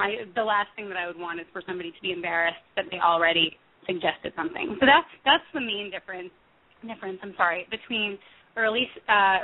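A woman in her thirties speaks as a guest over a tinny, phone-like line. Her pitch sits in a middle range. She talks thoughtfully, pausing on fillers and correcting herself as she explains her work. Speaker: music therapist guest. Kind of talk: interview answers.

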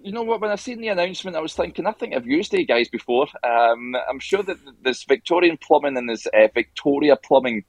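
A man's voice: fairly high pitch, animated, brisk, few pauses, no echo. A man appearing as a guest on a casual podcast chat, chatty and easygoing, laughing along with the host.

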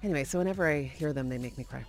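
A woman's voice: low-pitched, soft background music. A woman from Canada hosting a morning TV show, bantering in a playful, teasing way. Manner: playful, teasing, quick jokes. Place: TV studio.

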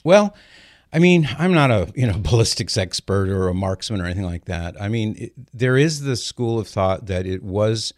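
Older male radio host, animated storyteller, lowish voice, dry close mic. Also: moderate pace, dry recording. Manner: lively storyteller, explains step by step. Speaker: radio host answering callers. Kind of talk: call-in radio talk.

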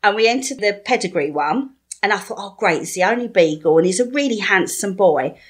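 A middle-aged woman co-hosting a podcast, chatting casually and telling lively stories with frequent laughs. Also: medium pitch, fairly quick. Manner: lively storytelling, animated, laughs often. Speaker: podcast co-host. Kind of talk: casual chat.

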